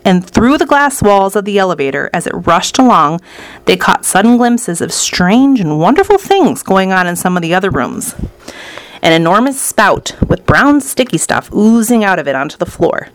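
A woman reading a children's storybook aloud in a lively, expressive way. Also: mid-range voice, normal speed. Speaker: narrator.

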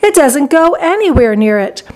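A woman reading a storybook aloud and voicing an eccentric, excitable chocolate-maker with a theatrical, exclaiming manner. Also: high voice, normal speed, voice pushed up.

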